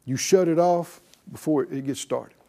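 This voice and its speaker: A man's voice: fairly high pitch, moderate pace, creaky, warm tone. A man preaching a sermon to a class in a conversational way, calling on them to repeat after him. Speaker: pastor teaching a class.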